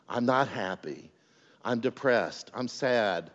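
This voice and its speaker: A male pastor delivers an animated sermon, jumping from forceful cries to near-hushed asides. His voice carries a long hall reverb, and the recording sounds somewhat dull and muffled. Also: medium pitch, slow. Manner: emphatic preaching with sudden loud and soft swings.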